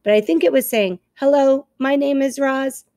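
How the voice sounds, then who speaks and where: A woman's voice: high-pitched, normal speed, mellow, dry recording, clean studio sound, pitched above the performer's own voice. A woman voicing a bossy, suspicious male owl in a storybook, speaking in a commanding way. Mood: wary.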